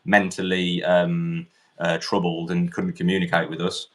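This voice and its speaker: A man's voice: low-pitched, completely flat delivery, a little slow, fairly bright tone. A man hosting an online debate, asking pointed questions with frequent restarts. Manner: probing, repetitive questioning with restarts. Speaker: debate host.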